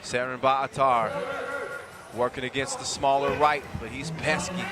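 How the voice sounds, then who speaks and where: A man calling a live basketball game, with quick, jokey, excitable play-by-play. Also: medium pitch, over music. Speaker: play-by-play commentator. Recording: loud crowd behind.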